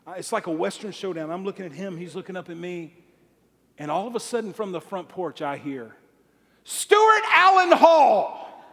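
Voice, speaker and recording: High-voiced man telling a funny story. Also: big-room sound. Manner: animated, laughs through his own story. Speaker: speaker addressing a congregation. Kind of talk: comedic storytelling sermon.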